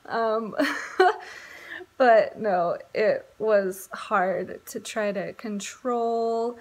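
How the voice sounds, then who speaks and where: Chatty young woman, higher voice. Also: slow. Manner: chatty, rambling, laughs often. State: pregnant. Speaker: vlogger. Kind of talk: casual chat.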